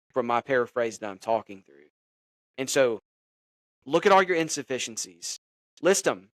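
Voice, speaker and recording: A man hosting a faith and sports podcast, speaking in a conversational, animated way as he acts out quoted dialogue. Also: medium pitch, no echo. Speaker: podcast host. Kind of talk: devotional podcast monologue.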